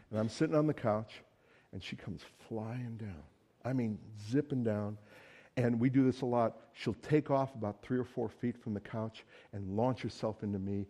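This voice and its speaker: A man's voice: medium pitch, dark tone. A man preaching a sermon in a conversational, storytelling way, with casual asides. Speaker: pastor.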